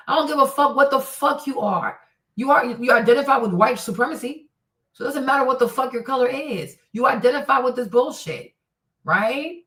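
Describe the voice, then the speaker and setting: A woman's voice: a little high, fairly bright tone. Profane, combative woman streamer. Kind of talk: livestream rant answering chat. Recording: roomy echo, distant from mic.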